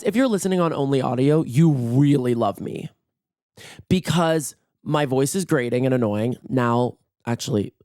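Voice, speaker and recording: A man in his late twenties hosting a solo podcast from bed, his voice hoarse and nearly gone, joking in a playful, campy, self-mocking way. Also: mid-range voice, darkish tone, no echo, clean studio sound. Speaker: podcast host. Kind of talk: casual solo podcast chat. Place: in bed at night.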